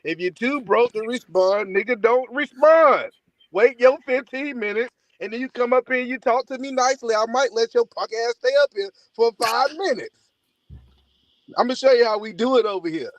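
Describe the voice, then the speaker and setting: A man's voice: very high-pitched, normal speed, dry recording, low-quality recording. A man hosting a live-stream panel, brash and trash-talking in casual chat. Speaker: host.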